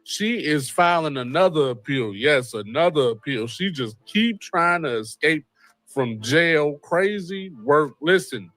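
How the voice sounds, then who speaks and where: A man hosting a casual commentary show, animated and wry, with a repeated catchphrase and joking asides. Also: fairly high pitch, no echo. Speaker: host. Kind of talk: casual commentary on a court case.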